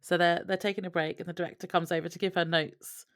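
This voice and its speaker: A lower-voiced woman co-host recaps scenes in a steady, matter-of-fact way. The sound is close and dry, with no room echo. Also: fast. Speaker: podcast co-host. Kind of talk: casual recap chat.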